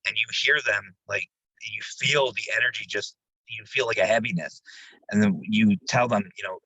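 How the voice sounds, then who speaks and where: Guy with a sharp bright voice, a bit raspy, telling spooky stories real animated, dry sound. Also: lowish voice, moderate pace, no room sound, rough recording. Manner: animated, jumps into quoted voices, laughs while telling stories. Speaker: paranormal investigator guest. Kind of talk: casual interview storytelling.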